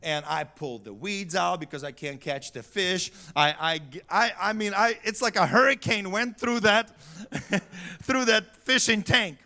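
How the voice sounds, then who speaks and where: Preacher guy in church, high bright voice, gets loud and laughy telling his story. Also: measured pace. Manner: animated, shouts for emphasis, laughs often. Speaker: pastor. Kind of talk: storytelling sermon. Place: church sanctuary.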